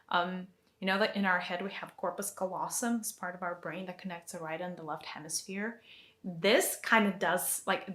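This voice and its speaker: A woman's voice: medium pitch, fairly bright tone. A woman teaching a guided energy meditation in a chatty way, with lots of fillers as she demonstrates hand movements. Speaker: spiritual teacher.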